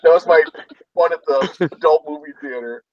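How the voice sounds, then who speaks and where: A man hosting a casual chat among resellers, telling an animated story and acting out people's shouts. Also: fairly high pitch, moderate pace, distant mic, dull audio, crowd noise. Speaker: host.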